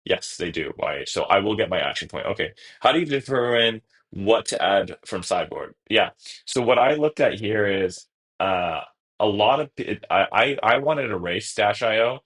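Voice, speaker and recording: A man streaming a card game, talking through each move out loud in a casual, self-correcting way. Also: fairly low pitch, expressive, normal speed, poor audio. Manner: thinks aloud through each move, casual, trailing restarts. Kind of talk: live-stream gameplay commentary.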